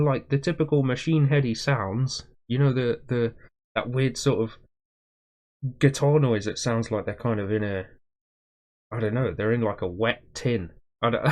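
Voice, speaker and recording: A man hosting a music reaction video, chatting casually with viewers in a rambling way, with a slightly rough morning voice. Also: medium pitch, a little mellow. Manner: rambling, chatty, self-aware waffling.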